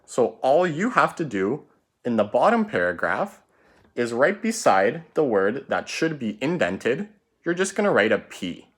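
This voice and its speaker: A man's voice: mid-range voice, sing-song, a little slow, breathy edge. A man teaching a recorded writing lesson, explaining punctuation step by step in a patient way and often checking in with "right?".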